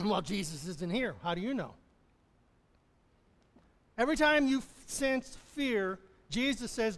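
A male pastor delivers a conversational sermon with lively intonation at a measured pace, his notably high voice a bit bright. He chuckles and restarts phrases, and the sanctuary adds long reverb.

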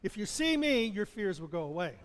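A man with a notably high voice delivers a conversational sermon, chuckling and restarting his phrases as he goes. His voice rings out in a church sanctuary with long reverb. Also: big pitch swings, brisk. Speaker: pastor.

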